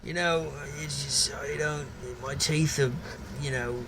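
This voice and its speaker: A young man co-hosting a podcast, telling an improvised comedic story in a deadpan, playful way. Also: fairly high pitch, takes it slowly, very noisy. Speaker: podcast co-host.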